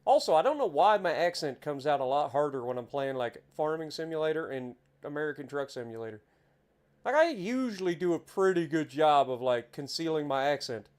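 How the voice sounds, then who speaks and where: A man with an Appalachian accent giving chatty, excitable commentary while playing a driving game. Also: on the high side, fairly quick. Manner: chatty, easily excited, exclaims at scenery. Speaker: game streamer. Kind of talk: casual gameplay commentary.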